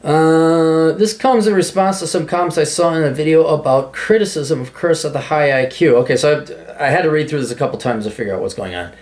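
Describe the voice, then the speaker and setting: A man with a somewhat high, slightly mellow voice talks fairly quickly with few pauses. Hosting his own show solo, he reads listener comments aloud and responds casually in a sarcastic, rambling, self-mocking manner.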